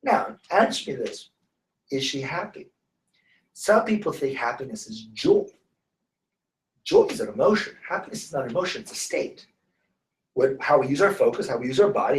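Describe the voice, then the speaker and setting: A man's voice: medium pitch, reverberant, distant mic. A man from the San Francisco Bay Area, a guest teacher telling stories in a casual interview and acting out the people he quotes. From San Francisco Bay Area, USA. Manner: lively storyteller who acts out quoted voices. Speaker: guest teacher of students and clients.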